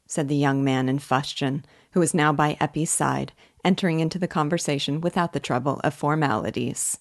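Woman narrator, low and measured, reading a classic novel aloud for students. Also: steady tone. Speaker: literature teacher.

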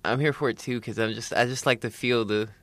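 A man co-hosting a podcast with teasing, profane banter in casual chat. His voice is bright and forceful at a middle pitch, recorded dry and close. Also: steady tone, a little fast, no echo. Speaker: podcast co-host.

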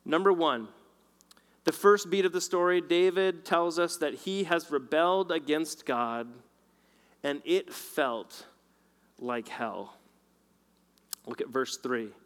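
A man preaching a sermon and telling a personal story, swinging between loud and hushed delivery. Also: a little high, slow, long pauses. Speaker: pastor. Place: large hall with long reverb. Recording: reverberant hall recording.

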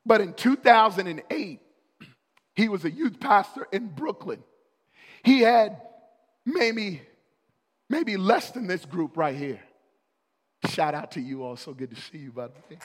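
A high-voiced man delivering a sermon from the pulpit, unhurried and deliberate, building to loud, urgent stretches of emphasis. His voice rings out in a long, echoing church hall. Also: very animated. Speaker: pastor.

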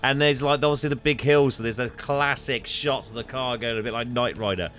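Guy chatting films on a podcast, lots of laughs and ums, mid-pitched voice. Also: steady tone, fairly quick, a bit bright. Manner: chatty, laughs often, hesitant with fillers. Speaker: podcast co-host. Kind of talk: casual film chat.

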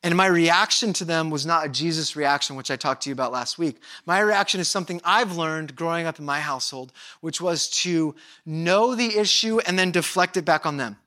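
Male pastor preaching, bright voice, gets loud then drops real quiet, plays out little conversations. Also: on the high side, a little fast, hardly any pauses. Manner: animated, acts out dialogue, swings between loud and hushed. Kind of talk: sermon.

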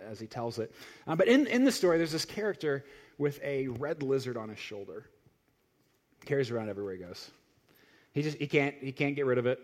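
A male pastor preaching a sermon with a slightly high voice. He is emphatic and conversational, pressing his listeners with searching rhetorical questions.

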